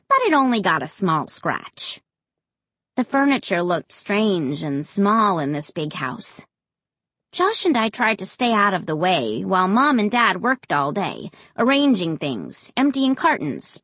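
Expressive woman narrating a storybook. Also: mid-range voice, husky, no echo. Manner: expressive, dramatic reading. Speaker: audiobook narrator. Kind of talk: first-person storybook narration.

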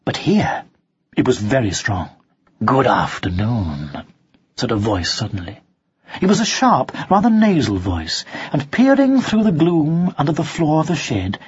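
A narrator reading a children's storybook aloud in a slow, expressive way, on a dull lo-fi recording. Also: mid-range voice, slightly rough, no room sound. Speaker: audiobook narrator.

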